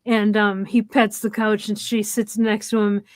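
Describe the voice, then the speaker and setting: A woman co-hosting a podcast casually recaps a TV episode scene by scene, often saying "um" and quoting the dialogue. She speaks unhurriedly in a mid-range voice with a flat delivery, and there's no echo.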